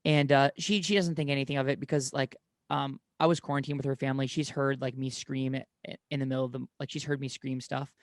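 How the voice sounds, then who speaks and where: A man's voice: medium pitch, little pitch movement, quick pace, dry recording, studio quality. A young man telling rambling personal stories in casual conversation, often correcting himself mid-sentence. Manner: rambling storyteller, many self-corrections.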